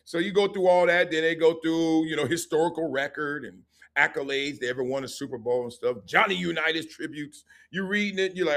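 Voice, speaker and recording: A middle-aged man, a former football player, hosting a live sports talk stream and telling stories in a lively, joking way. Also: a little high. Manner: animated storytelling with laughs and quick asides.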